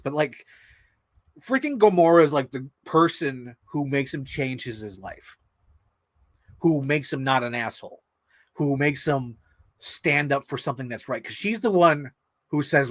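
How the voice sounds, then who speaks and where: A man's voice: medium pitch, animated, a little slow, pauses often, no room sound. A man hosting a vlog, chatting casually in an emotional, rambling way, full of fillers and frequent laughs. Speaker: vlog host. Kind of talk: casual chat.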